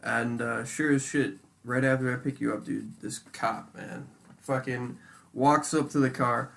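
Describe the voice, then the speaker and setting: A man in casual podcast chat, animated and swearing freely, peppering his talk with "dude". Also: medium pitch, unhurried, vocal fry. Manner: animated, heavy swearing, says "dude" a lot. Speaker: podcast co-host.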